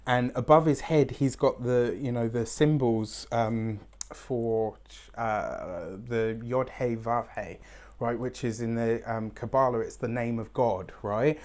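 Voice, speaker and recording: A man's voice: medium pitch, slow, a little mellow. A man giving an effusive weekly tarot reading to camera, often checking in with "right?" and openly emotional. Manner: emotionally open, near tears at times. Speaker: tarot reader.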